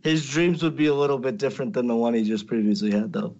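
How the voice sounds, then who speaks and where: A man co-hosting a podcast who chats casually, laughs a lot and gives quick, short replies. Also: mid-range voice, fairly even intonation, background noise. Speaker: podcast co-host. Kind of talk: casual chat. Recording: dull lo-fi sound.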